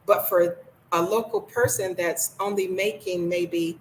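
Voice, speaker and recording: A woman's voice: on the low side, fairly even intonation, a little slow, a little hiss or hum, low-quality recording. An older woman from the United States, blunt and sassy, chatting casually in a vlog from her home. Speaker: vlogger.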